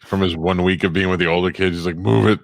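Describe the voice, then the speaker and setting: A man with a Boston accent talks in an easygoing, joking manner. His voice sits a little low, and it is recorded close on a dry mic with no room echo. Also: level tone, fast. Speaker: podcast co-host. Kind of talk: casual podcast chat.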